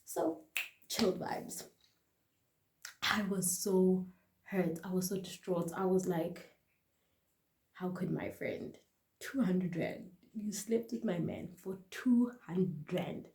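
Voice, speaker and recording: A South African woman vlogger telling a storytime casually and chattily, often dropping to a quiet aside. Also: lowish voice, slow pace, long pauses, echoey room.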